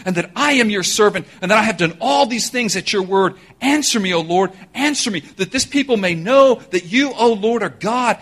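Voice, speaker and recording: A man's voice: sits high, breathy edge, pitched above the performer's own voice. A man voicing a bold, fervent older male prophet in a sermon retelling, taunting at first and then pleading.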